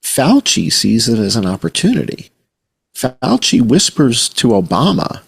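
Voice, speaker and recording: A man, a journalist guest on a podcast, talking in an animated, conspiratorial storytelling way and swearing casually. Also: mid-range voice, measured pace, gravelly, breathy edge. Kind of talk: podcast conversation.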